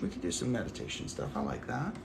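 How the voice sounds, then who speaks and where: A man's voice: mid-range voice, big pitch swings, quick pace, creaky, echoey room, slight background noise. A man hosting a casual livestream, talking to his viewers in a rambling, affectionate way full of "like". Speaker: livestream host.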